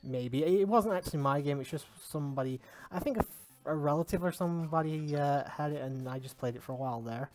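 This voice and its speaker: A man's voice: on the high side, fast talker, a little mellow. A man with a Sheffield Yorkshire accent, chatting casually while streaming a game and swearing freely. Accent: Sheffield, Yorkshire English. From England. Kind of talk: casual gaming stream chat.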